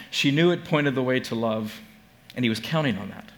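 A man preaches a sermon in an earnest storytelling manner, pausing and restarting mid-phrase as he goes. He shifts between telling the story and leading a prayer. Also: mid-range voice, lively intonation, a bit bright. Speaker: pastor.

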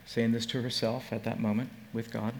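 A male pastor giving a sermon, telling a story earnestly with halting restarts and leading a closing prayer. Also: medium pitch, little pitch movement.

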